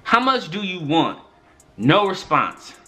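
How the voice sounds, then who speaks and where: A man's voice: high voice, sing-song, slow, sharp tone. A young man telling a story-time tale in casual, profane slang, often repeating "son" and "my nigga". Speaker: YouTube storyteller.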